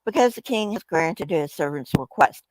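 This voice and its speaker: A woman's voice: lowish voice, animated, moderate pace, darkish tone, no echo, natural voice. A woman reading aloud the grateful words of a loyal army commander to his king.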